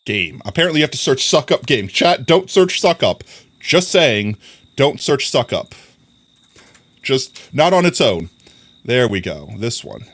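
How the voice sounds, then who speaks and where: A young man casually commentating a live stream, chatty and quick to laugh as he talks to his chat. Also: mid-range voice, a bit bright.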